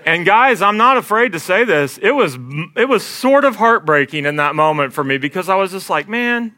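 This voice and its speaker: A young man tells a comic story in a high, bright voice, animated and self-deprecating, often laughing mid-sentence. The sound is dry and close, with no room echo. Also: a little fast.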